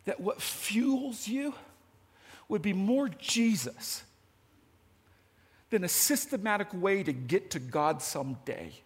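A man preaching a sermon in a lively, conversational way, talking straight to his audience. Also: sits high, slow, pauses often, breathy edge. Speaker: pastor. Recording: long hall reverb.

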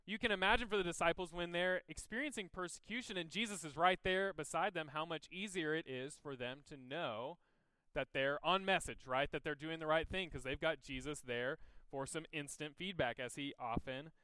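A male pastor walks his listeners through scripture in a relaxed, conversational way, stopping for a homely story now and then. His voice is bright and crisp, sitting a little high, and it is captured close and dry with almost no room sound. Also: no echo, rough recording. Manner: conversational, explains scripture with personal stories. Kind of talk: sermon teaching.

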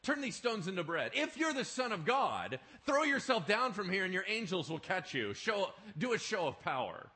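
A man's voice: high-pitched, very animated, normal speed, hardly any pauses, pushed and bright, pitched above the performer's own voice, heavily acted. A man voicing the devil as a scornful male tempter, mocking and daring. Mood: taunting. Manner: mocking, challenging.

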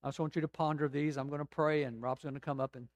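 A man with a fairly high voice preaches a sermon to his congregation, building to emphatic peaks and then easing into slow, hushed reflection. The sound is dry and close, with little room echo. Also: steady tone. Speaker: pastor.

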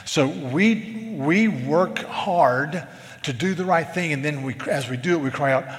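Pastor, male, slightly high voice, earnest sermon delivery, long hall reverb. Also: unhurried. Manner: earnest preaching, quoting scripture aloud.

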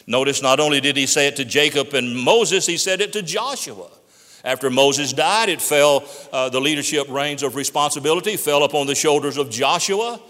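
Guy preaching, kinda high voice, keeps repeating stuff for emphasis, big hall echo. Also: moderate pace, sharp tone. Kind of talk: sermon. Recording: long hall reverb.

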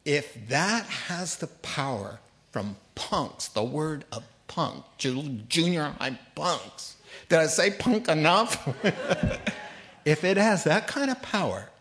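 A man preaching a sermon, animated and storytelling, who acts out the voices in his anecdotes. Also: a little high, slow pace. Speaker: pastor.

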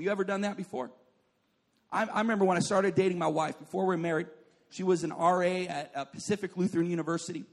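High-voiced joking male preacher. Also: steady tone, quick pace, creaky. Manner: joking, storytelling with asides to the congregation; says "like" often and calls for responses. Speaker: pastor. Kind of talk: sermon.

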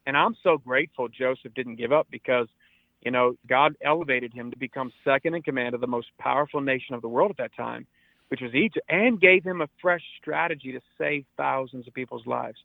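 A man's voice: medium pitch, a little fast, vocal fry, no echo. A man in his forties talks like a preacher, earnest and urging, and doubles back on words to press a point. His voice comes through a narrow, tinny phone line with no room sound around it. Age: 40s. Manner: earnest, exhortative, repeats words when stressing. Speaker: pastor. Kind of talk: radio interview, preaching tone.

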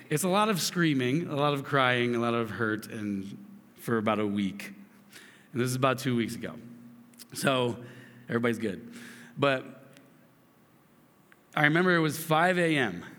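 A man's voice: mid-range voice, fairly bright tone, in a large hall. A man in his thirties giving a sermon, telling a family story with earnest asides and frequent restarts. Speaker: pastor.

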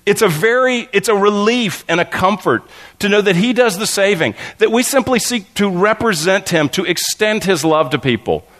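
A male pastor preaching in a lively, wide-ranging voice that sits a little high for a man. He tells stories animatedly, often stammering and restarting, and acts out the people in them. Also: normal speed. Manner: animated storytelling, acts out voices in his anecdotes. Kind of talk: sermon.

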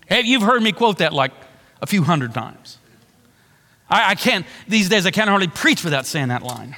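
A man's voice: high voice, sing-song, normal speed, sharp tone, long reverb tail. A man preaching a sermon, with earnest, repeated emphasis and a preacher's cadence. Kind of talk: sermon-style teaching on a book.

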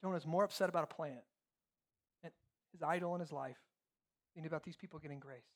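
Pastor, male, emphatic sermon delivery, dips to near-whispers and climbs to loud points. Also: fairly high pitch, fairly quick. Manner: animated, emphatic, shifts from hushed to loud.

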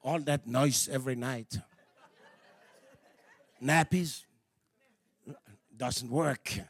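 A man preaching a sermon, animated, moving from quiet asides to shouts, with halting repeats and slightly non-native phrasing. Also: medium pitch, breathy edge, no echo.

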